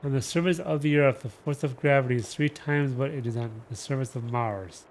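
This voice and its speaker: A man's voice: medium pitch, a little mellow, a little hiss or hum. Man dramatically reading a novel aloud. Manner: dramatic, slow with shifting emphasis. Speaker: reader.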